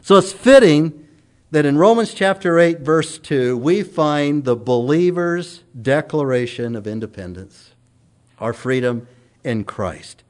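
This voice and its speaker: Middle-aged male preacher, emphatic sermon delivery, slightly high pitch. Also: measured pace. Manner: earnest, emphatic preaching with strong rises and falls.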